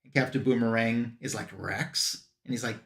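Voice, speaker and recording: A man on a comic book show giving a casual plot recap and quoting characters in quick bursts. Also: medium pitch, little pitch movement, roomy sound. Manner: retells scenes with quick quoted voices for characters.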